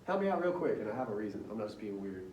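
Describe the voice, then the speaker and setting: A man's voice: on the low side, very animated, racing, a little mellow, highs cut off, slight background noise. Male teacher lecturing in a roomy classroom. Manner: conversational, quizzes students with questions. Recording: roomy classroom audio from far off.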